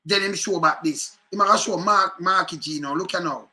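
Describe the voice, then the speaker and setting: A man with a Jamaican accent giving casual, animated commentary on political news clips, often repeating phrases. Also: high-pitched, normal speed.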